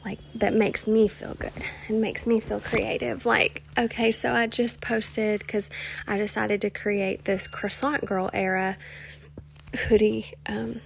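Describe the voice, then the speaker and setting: A young woman hosting a casual solo podcast, rambling with lots of "like" and "you know", sometimes dropping into soft whispery asides. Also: medium pitch, little pitch movement, a little slow, creaky, slight background noise. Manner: rambling, chatty, many "like" and "you know" fillers. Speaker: podcast host.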